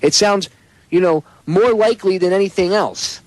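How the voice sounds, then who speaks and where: A man's voice: high voice, normal speed, no room sound, rough recording. A man hosting a talk radio show, ranting in an emphatic, sarcastic and profane way. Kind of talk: casual talk radio chat.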